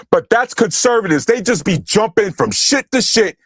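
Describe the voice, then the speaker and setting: Brief: young male streamer, high voice, angry profane rant, dry close mic. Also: lively intonation, moderate pace, hardly any pauses, slightly rough, no room sound. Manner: angry, profane, shouting at chat. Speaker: streamer reacting to chat. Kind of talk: heated political livestream rant.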